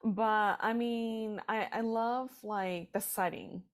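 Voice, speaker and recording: A woman's voice: medium pitch, fairly even intonation, slow. A woman co-hosting a music video reaction, chatting casually and rambling with lots of fillers. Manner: rambling, many "like" and "you know" fillers.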